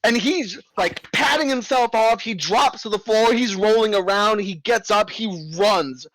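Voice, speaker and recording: A man's voice: high voice, unhurried, fairly bright tone, no room sound. A man running a tabletop game as game master, narrating playfully with sound effects.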